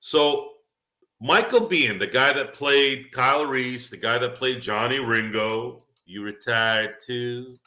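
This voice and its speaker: A man's voice: medium pitch, expressive, slow pace, bright, forceful tone. A man hosting a sports talk show, rambling emphatically from basketball into life lessons. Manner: rambling, emphatic, preachy asides. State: tipsy. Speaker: show host. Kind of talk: casual sports talk monologue.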